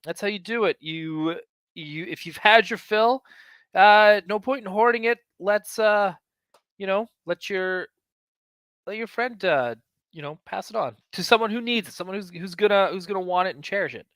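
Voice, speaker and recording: A man's voice: sits high, moderate pace, a bit bright, no echo. A man hosting a casual talk show, chatting enthusiastically and rambling with many fillers as he flips through a magazine. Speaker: host of a collecting show.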